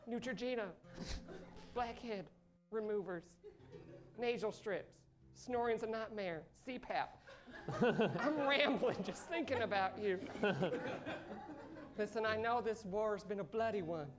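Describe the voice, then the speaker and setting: A woman's voice: medium pitch, slow pace, pauses often, lightly acted. A woman improvising a lovestruck man who reads his rambling love letter aloud on a live comedy stage. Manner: rambling, earnest, breaks into laughter. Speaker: improv performer. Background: live music underscore.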